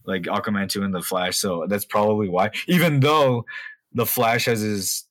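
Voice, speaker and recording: A man's voice: on the low side, normal speed, a bit bright, no room sound. A man co-hosting a podcast, chatting casually, rambling with lots of fillers and swearing freely. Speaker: podcast co-host. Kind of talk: casual chat.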